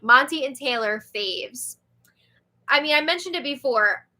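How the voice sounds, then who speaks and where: A woman's voice: high-pitched, animated, unhurried, bright, forceful tone. A young woman hosting a livestream and reading viewer comments in a chatty, giggly way, with a sore throat. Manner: chatty, giggly, filler-heavy. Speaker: show host.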